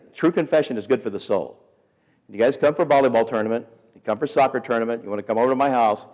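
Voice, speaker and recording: A middle-aged man giving a storytelling sermon to students as a week of prayer speaker, animated and acting out voices in his stories. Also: on the low side, in a large hall. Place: school assembly hall.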